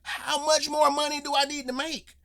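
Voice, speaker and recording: A man imitating a carefree rich older boss who talks in a loud, swaggering, profane way. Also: extremely high pitch, little pitch movement, moderate pace, vocal fry, voice pushed up, heavily acted. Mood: brash.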